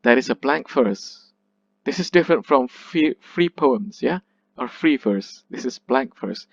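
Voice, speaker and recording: A man's voice: mid-range voice, animated, unhurried, creaky, no echo. Male teacher lecturing on a dull recording. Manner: patient, explanatory, checks in often with "yeah?"; hesitant, with restarts and self-corrections. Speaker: literature teacher.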